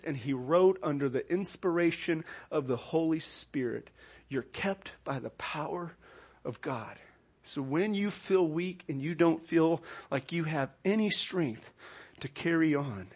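High-voiced pastor preaching with big swings. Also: male voice, slow pace, breathy edge. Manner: swings from quiet, low asides to loud, high, emphatic declarations. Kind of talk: sermon.

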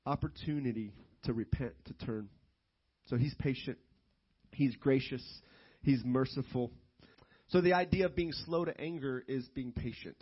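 A middle-aged man preaching a sermon as pastor, animated and building to loud, emphatic stretches. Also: a little high, slightly rough, muffled recording.

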